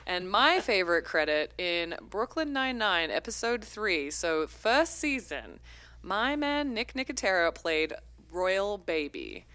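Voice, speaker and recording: A woman's voice: mid-range voice, sing-song, a little slow, a bit bright, smooth. A woman hosting a casual chat, playful and teasing, laughing often. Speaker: podcast host.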